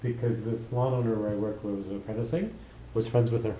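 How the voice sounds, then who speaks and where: A man's voice: lowish voice, steady tone, fast, dark tone, a little hiss or hum. A male hairdresser telling stories in casual chat while cutting hair, full of asides and laughter. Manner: chatty storyteller, laughs often, full of asides. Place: hair salon. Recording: echoey salon room.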